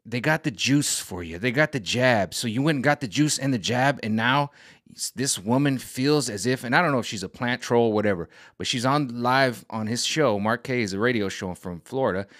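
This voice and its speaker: A man ranting casually to camera as a vlogger, animated and exasperated. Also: medium pitch, normal speed, dry recording, studio quality. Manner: animated, exasperated, jumps into quoted voices. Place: home room set up for streaming.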